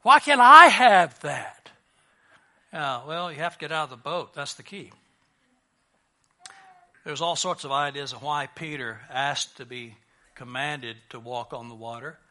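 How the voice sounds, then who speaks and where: A man's voice: medium pitch, moderate pace, pushed and bright. A man preaching a sermon as pastor, in a conversational, lightly joking way with frequent restarts.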